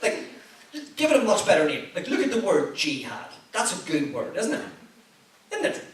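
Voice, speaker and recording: Male stand-up in his thirties, Northern Irish accent, lively pitch, swearing crowd work, recorded far off in a roomy venue. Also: normal speed. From Belfast, Northern Ireland. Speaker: stand-up comedian. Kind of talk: stand-up comedy set. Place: comedy club stage with a live audience. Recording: echoey venue, heard from a distance, audible noise.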